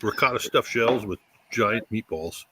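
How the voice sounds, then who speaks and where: A man chatting casually on a video call, relaxed and rambling, with some swearing. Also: on the low side, measured pace, background noise. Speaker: tasting participant.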